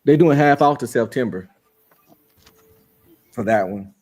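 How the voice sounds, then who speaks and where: Male co-host, casual slang-heavy banter, mid-pitched, opinionated. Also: animated, measured pace, a loud crowd. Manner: slangy, opinionated, agrees readily. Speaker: podcast co-host. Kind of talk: casual chat.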